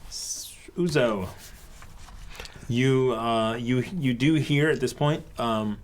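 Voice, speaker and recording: A man's voice: mid-range voice, slow, a little hiss or hum. A man narrating as dungeon master, describing scenes and laughing often. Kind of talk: narrating a tabletop game.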